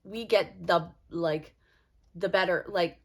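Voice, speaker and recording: A woman's voice: fairly low pitch, steady tone, slow. A young woman chats through a subscription box unboxing in a loose, unscripted vlog voice. She sounds frustrated and rambles, leaning on "like" as she talks her way through the items. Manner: frustrated, fills talk with "like".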